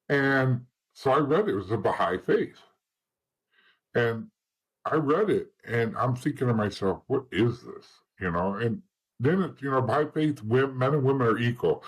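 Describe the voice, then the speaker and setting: A man's voice: fairly low pitch, slightly rough, low-quality recording. A middle-aged man telling his life story as an interview guest, blunt and rambling, often restarting and saying "you know.". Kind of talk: candid personal storytelling in an interview.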